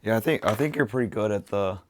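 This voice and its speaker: A man with a sick voice, chatting casually to his livestream while he crafts and thinks out loud. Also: on the low side, fast. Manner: rambling, thinking aloud while working. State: sick, rough voice. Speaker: streamer.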